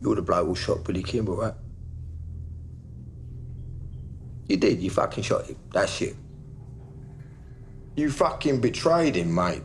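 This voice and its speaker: An actor playing a volatile, menacing gangster baker and distiller, with a gravelly, mocking voice that swings from loud to hushed. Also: male voice, fairly low pitch, big pitch swings, moderate pace, a little hiss or hum. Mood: threatening. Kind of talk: television crime drama.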